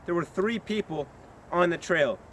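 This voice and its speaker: A young man from the US rambles through a comic story in a goofy, mock-serious way, his voice sitting a little high. He records himself outdoors on a handheld camera, with faint outdoor noise around him. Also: animated, unhurried, a bit bright. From United States. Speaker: vlogger. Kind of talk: comedic storytelling vlog. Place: outdoors on a trail in woods.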